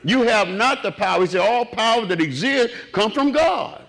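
A man preaching a fervent sermon. His voice sits on the high side for a man, and his pitch leaps around a great deal as he drops to a near-murmur, then climbs to ringing exclamations. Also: lively intonation, normal speed, vocal fry, fairly bright tone. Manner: impassioned call-and-response preaching, swinging from low murmurs to raised cries.

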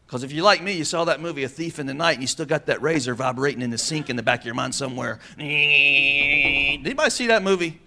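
A male pastor preaching a sermon in a folksy, animated way, joking with the congregation. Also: mid-range voice, very fast, creaky, hardly any pauses.

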